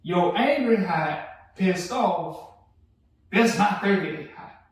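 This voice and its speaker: A man in casual podcast chat with a laid-back, relaxed way of talking. His voice is high for a man. The recording is very echoey, with the mic set back from him. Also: slow. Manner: laid-back, relaxed speech with frequent "you know" fillers. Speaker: podcast co-host. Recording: echoey room, mic at a distance.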